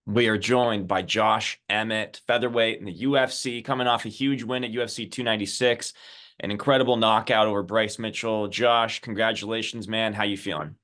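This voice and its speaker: A man's voice: on the low side, steady tone, a little fast, a bit bright. A man hosting an interview, asking rambling questions with restarts and fillers. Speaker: interview host. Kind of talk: casual interview.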